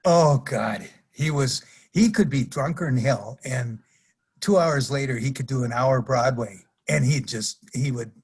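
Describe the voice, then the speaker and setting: Chuckling at his own stories, a retired wrestler, now older, wanders through anecdotes as a guest in a relaxed podcast interview. His voice is mid-range and husky, moving a little slowly.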